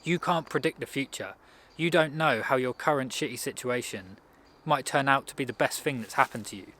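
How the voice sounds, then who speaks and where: A man's voice: mid-range voice, fairly quick, bright, forceful tone. Man giving a rambling motivational talk. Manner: rambling, conversational, frequent restarts. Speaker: self-improvement speaker.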